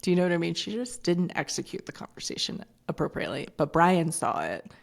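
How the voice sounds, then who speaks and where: Low, gravelly woman swearing casually. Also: big pitch swings, brisk. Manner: blunt, swears freely, rambling asides. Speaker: podcast guest. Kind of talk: casual chat.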